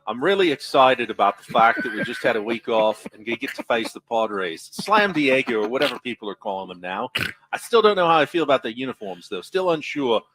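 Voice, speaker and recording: A chirpy, upbeat Australian ballplayer, put on by a radio man in a jokey impression. The exaggerated Australian twang sits at an ordinary mid pitch and bounces with playful energy. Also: sing-song, a little fast, noisy background, close to an everyday voice. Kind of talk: comic impression on sports radio.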